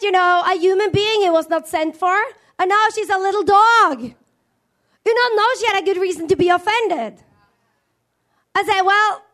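A woman preaches a sermon, retelling stories and acting out each quote. Her voice sits very high, and she laughs lightly between points. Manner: animated storytelling with acted-out quotes.

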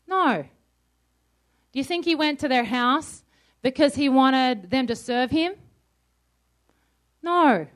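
A woman from Australia preaching a conversational sermon and asking her listeners questions. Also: sits high. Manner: conversational, asks the crowd questions.

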